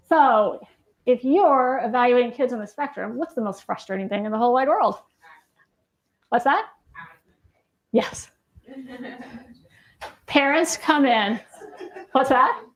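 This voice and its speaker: Her fairly high voice has lively intonation but moves a little slowly, with long pauses. A woman clinician, she lectures live in a university lecture room, conversational and quick to quiz the audience, often ending with "right?"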